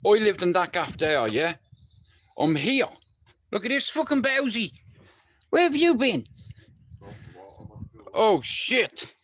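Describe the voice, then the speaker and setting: A man's voice: high-pitched, big pitch swings, slow pace, long pauses, a bit bright. A man telling a personal story on a casual live stream, blunt and heavily profane, talking straight to a listener. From Dublin, Ireland.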